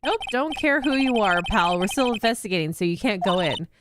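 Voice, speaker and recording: A woman's voice: mid-range voice, expressive, brisk, background noise, natural voice. Woman doing a bumbling, blustery cop. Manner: gruff, blustery, calls people pal. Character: bumbling male police detective, good-natured.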